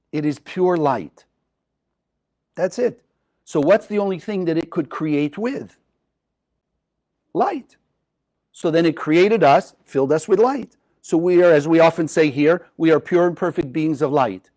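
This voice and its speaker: A man giving a spiritual Kabbalah teaching to a live group, lively and often asking his listeners questions. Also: fairly high pitch. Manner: animated, asks the audience questions.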